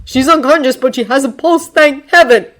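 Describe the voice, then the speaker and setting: A woman voicing an adult male hero who calls out loudly across a building. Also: high-pitched, normal speed, voice pushed up. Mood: urgent. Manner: calling out loudly.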